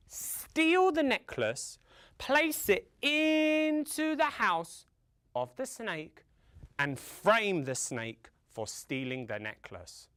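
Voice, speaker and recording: A man narrates a children's folktale, taking his time and pausing for effect. His pitch swings widely and expressively, and he uses playful sound effects. The voice is clear and smooth, recorded dry with no room echo. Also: a bit bright. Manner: theatrical, with dramatic pauses and sound effects. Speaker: storyteller.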